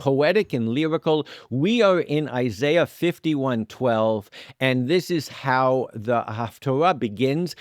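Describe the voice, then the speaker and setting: A man co-hosting a podcast, reading and explaining scripture verses with emphatic pauses and frequent "uh" fillers. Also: mid-range voice, no echo, clean studio sound. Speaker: podcast co-host. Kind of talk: conversational scripture study.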